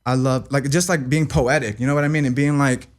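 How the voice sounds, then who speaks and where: A man's voice: medium pitch, steady tone, a little fast. A young man telling a painful personal story as an interview guest. He rambles, repeats himself, swears and keeps asking "you know what I mean.". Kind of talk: emotional personal account in an interview.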